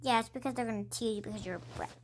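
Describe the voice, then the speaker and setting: A woman's voice: on the high side, very fast, a little hiss or hum, close to an everyday voice. A woman voicing a mean, bossy older sister who sneers and insults, in a home-made game role-play. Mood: mocking.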